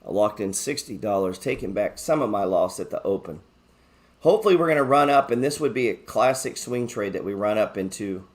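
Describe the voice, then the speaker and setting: A man's voice: lowish voice, expressive, fairly quick. A man hosting a live stock market show, chatting casually, joking and swearing freely as he talks through his trades. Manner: reads viewer chat aloud.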